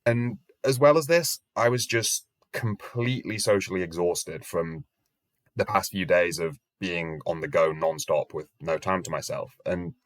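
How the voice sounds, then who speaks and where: A man's voice: low-pitched, measured pace, no room sound. A young man in his twenties telling a travel story in a wry, self-deprecating way, swearing casually. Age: 20s. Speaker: travel vlogger. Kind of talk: storytelling vlog narration. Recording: music playing under voice.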